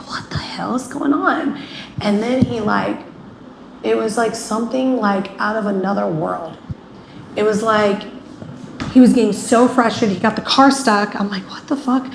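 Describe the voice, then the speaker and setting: A woman's voice: medium pitch, creaky. Woman telling a painful story in an echoey room. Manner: rambling, many "like" fillers, acts out quoted speech. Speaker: interview guest. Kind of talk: emotional personal storytelling. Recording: echoey room with faint ambient noise.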